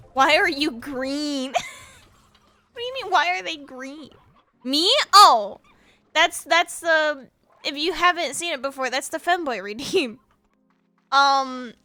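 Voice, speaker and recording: A woman's voice: high-pitched, bright, forceful tone. A young American woman streaming a video game, chatting casually and playfully with her viewers and laughing often. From United States. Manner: chaotic, playful, laughs often, teases chat. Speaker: VTuber streamer.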